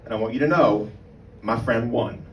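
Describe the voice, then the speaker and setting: A man's voice: mid-range voice, moderate pace. Male stand-up comic, chatty and crude, on a live club stage with room noise and reverb. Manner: conversational, profane, keeps asking "right?". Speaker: stand-up comedian. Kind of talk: stand-up comedy. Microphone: mic on a stand. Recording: roomy live room, mic far off, background noise.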